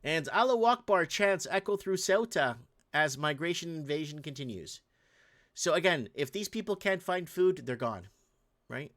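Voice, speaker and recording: A man's voice: fairly high pitch, expressive, normal speed, fairly bright tone. Ranting man hosting clip commentary. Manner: ranting, repetitive, talks straight to viewers. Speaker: host. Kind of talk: casual commentary over video clips.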